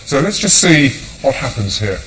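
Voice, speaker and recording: A man giving a lively science demonstration lecture to an audience. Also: mid-range voice, normal speed, echoey room, distant mic, noisy background. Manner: enthusiastic, addresses audience volunteers.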